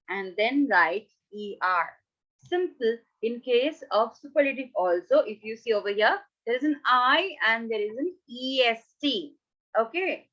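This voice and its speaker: Slow, repetitive high-voiced woman teacher. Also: a bit bright, lo-fi sound. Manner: slow, repetitive, checks in with "right?" and "okay?". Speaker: English teacher. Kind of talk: online grammar lesson.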